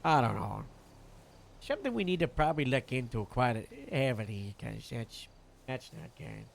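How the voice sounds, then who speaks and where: A man playing a police captain in casual role-play chat, halting and full of fillers and restarts. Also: mid-range voice, expressive, vocal fry, a little hiss or hum.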